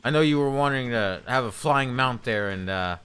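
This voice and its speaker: A man's voice: medium pitch, moderate pace, fairly bright tone. A man streaming a video game, chatting casually with viewers in a hesitant, rambling way. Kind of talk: casual live-stream chat.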